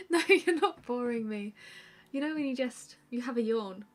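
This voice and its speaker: A woman, an artist hosting a live stream, chatting casually and answering viewer questions with a relaxed, rambling manner full of fillers. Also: a little high, unhurried, faint music behind. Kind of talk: casual chat while drawing.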